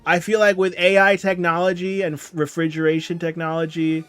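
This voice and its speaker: A man's voice: on the high side, little pitch movement, brisk, a bit bright, clear, resonant tone. A tired young man chatting casually on a livestream, reading chat and rambling along. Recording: music playing faintly behind. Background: faint background music.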